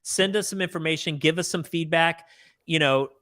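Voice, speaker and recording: A man's voice: a little high, moderate pace, pushed and bright, dry recording, clean studio sound. A man co-hosting a live real estate talk show, earnestly thanking listeners and encouraging them to send feedback. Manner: earnest, encouraging, addresses listeners as folks and guys. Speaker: real estate podcast co-host. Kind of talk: casual business chat, show wrap-up.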